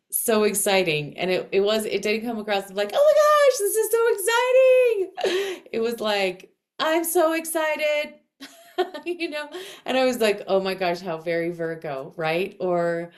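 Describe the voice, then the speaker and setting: A woman teaching casually to camera in a dense, heavy voice, speaking expressively with clear inflection. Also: medium pitch. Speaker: astrology and voice coach.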